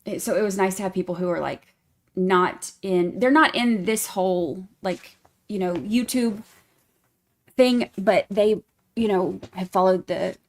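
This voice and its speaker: A woman with a mid-range voice hosts a casual true crime livestream, greeting members by name in a singsong tone. She rambles, with plenty of fillers and restarts.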